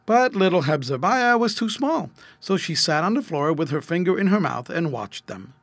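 A man reading an old-fashioned children's story aloud, gentle and expressive. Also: a little high, normal speed, no room sound. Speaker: narrator.

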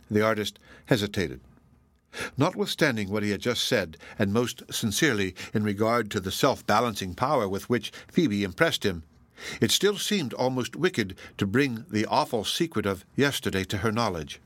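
A man narrating a classic novel as an audiobook in a measured, even storytelling manner. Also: fairly low pitch, no echo. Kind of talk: audiobook reading of classic fiction.

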